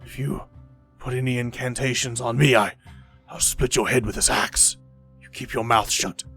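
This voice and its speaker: A man doing a gruff, threatening Viking warrior. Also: medium pitch, fairly even intonation, normal speed, pushed and bright, faint music behind. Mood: suspicious threatening. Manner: blunt and threatening. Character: gruff suspicious male Viking warrior with an axe.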